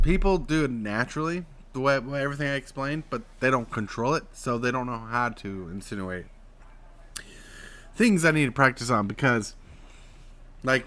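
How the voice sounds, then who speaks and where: Man from Utah chatting on a live stream. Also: medium pitch. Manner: explains voice technique, swings between flat drawl and excited emphasis. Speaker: streamer host. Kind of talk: casual live-stream chat.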